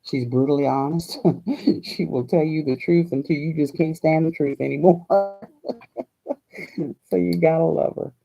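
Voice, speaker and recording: Gravelly older woman chatting casually. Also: deep voice, unhurried, long pauses, mellow, soft background music, rough recording. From Hawaii. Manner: folksy, chatty, laughs often. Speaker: crafting channel host.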